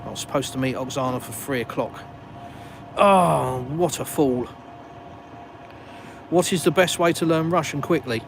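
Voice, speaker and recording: Walking outdoors through a village, a man from England with a southern English accent hosts a live stream, reading comments and chatting casually with viewers in a self-mocking way. His mid-range voice comes fast with few pauses. The noisy phone stream picks up passing cars and street noise.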